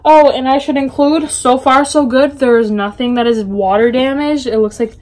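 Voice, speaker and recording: A woman excitedly unboxing a package in her bedroom for a casual book vlog, gushing and chatty. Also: sits high, normal speed. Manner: gushing, chatty, full of little gasps and exclamations. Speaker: book vlogger.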